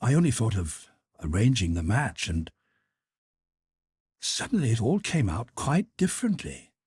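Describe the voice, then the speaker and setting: An impulsive, tearful young noblewoman, put on by a male reader in a breathy voice lifted above his deep register. She pleads and rushes in an excitable, animated lilt. The sound is dry and close. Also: no room sound, heavily acted. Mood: excited. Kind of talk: audiobook character voice.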